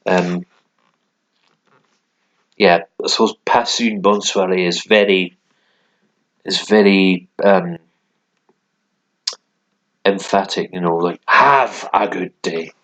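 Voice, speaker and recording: A man explains a lesson at an unhurried pace and keeps stopping for ums and restarts. His voice sits low and deep, and he talks casually into a desk mic. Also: flat delivery. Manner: hesitant, many ums and restarts. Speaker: language learner.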